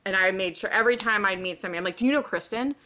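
A woman in her thirties in a casual panel chat, quick to laugh at herself as she tells stories. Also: mid-range voice, sharp tone, a little hiss or hum. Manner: laughs often, quick self-mocking asides. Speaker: guest.

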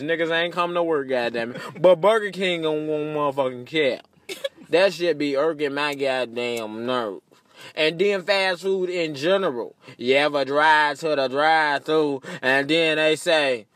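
A man with a notably high voice and a bright, sharp edge rants in a comic monologue. He speaks, cussing freely and laughing at his own jokes. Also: dry recording. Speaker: comedian. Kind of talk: stand-up style comedic rant.

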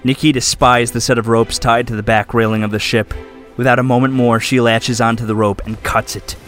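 A man's voice: medium pitch, level tone, brisk, a bit bright, soft background music. A man running a tabletop game as game master, narrating the scene in vivid detail. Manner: vivid descriptive storytelling.

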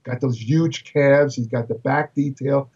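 An older man from Brooklyn, New York, a bodybuilding writer, shares casual anecdotes in a chatty manner, repeating words and often using fillers and restarts. His medium-pitched voice is steady, unhurried, darkish, and slightly rough. He's recorded lo-fi from far away.

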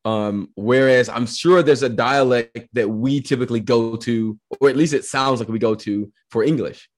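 A man's voice: mid-range voice, moderate pace. A man from Georgia with a Southern American accent, chatting casually as an interview guest, laughing easily and often restarting his sentences. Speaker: guest, actor.

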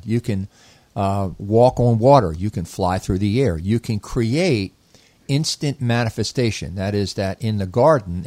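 A man with a fairly low voice co-hosts a conversational show, explaining his ideas at length. He talks reflectively and circles back on his own sentences. The sound is close and dry, with no room around it. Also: darkish tone, no room sound. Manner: reflective, explanatory, meandering restarts. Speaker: co-host, inner child therapist. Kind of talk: casual conversational teaching.

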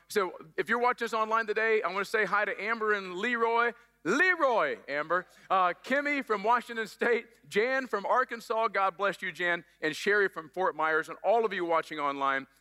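Bright, high-voiced pastor preaching, dry sound. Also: male voice, big-room sound. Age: middle-aged. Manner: upbeat, joking asides to the congregation. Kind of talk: sermon. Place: church sanctuary.

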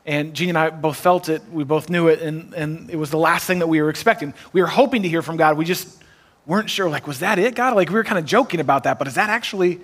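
A man pastor preaching a sermon in an animated, rising style with self-deprecating humor. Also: a little high, fast. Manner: animated preaching, builds to shouts.

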